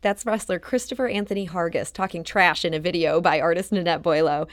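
A woman's voice: on the low side, steady tone. Woman host interviewing an artist. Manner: smooth, measured introductions. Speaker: radio host. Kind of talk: interviewing guests.

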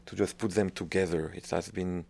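Low, gravelly French-accented man. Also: level tone, normal speed, a little mellow. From France. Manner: hesitant, searching for words, many restarts. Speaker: conductor. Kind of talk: interview answers.

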